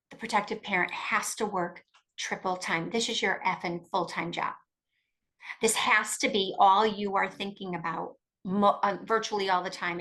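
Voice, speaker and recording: A middle-aged woman speaking as an interview guest, pressing her points with emphasis and restarting sentences as she goes. Her voice sits at a mid pitch for a woman, neither high nor low. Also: a bit bright, poor audio. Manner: emphatic, fast-flowing, with restarts. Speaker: guest expert on coparenting. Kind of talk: podcast interview, advice.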